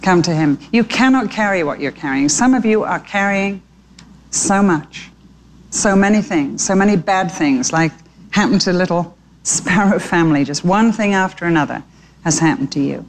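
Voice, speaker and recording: An older woman preacher telling a story in a sermon, making gentle, slow, earnest appeals. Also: lowish voice, animated, a little hiss or hum.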